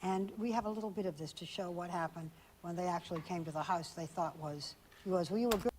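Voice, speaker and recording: A woman on a TV show reading chat logs aloud and questioning someone in a calm, measured, probing way. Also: lowish voice, background noise. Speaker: TV interviewer.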